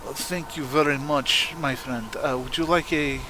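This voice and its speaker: A man playing a polite adventurer who greets a stag formally and pauses often with fillers. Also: on the high side, steady tone, crowd noise, natural voice. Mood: courteous. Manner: courteous, formal, halting with fillers.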